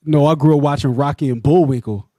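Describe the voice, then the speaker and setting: High-pitched guy teaching a bible class, animated, keeps repeating himself, dry close mic. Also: fast talker, no echo. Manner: animated, repetitive, often asks "you know what I'm saying". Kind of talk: religious teaching discussion.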